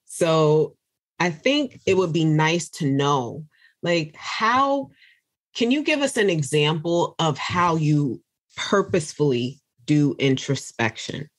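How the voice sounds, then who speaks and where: A podcast host speaking slowly, with a very lively pitch that rises and falls. The questions come softly and encouragingly. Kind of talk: casual interview.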